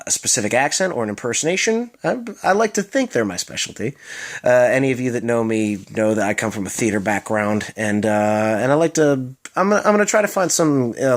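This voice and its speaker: A young man from Maryland with a Baltimore accent, chatting casually in a vlog, rambling with lots of fillers and self-mocking asides. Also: mid-range voice. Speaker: vlogger.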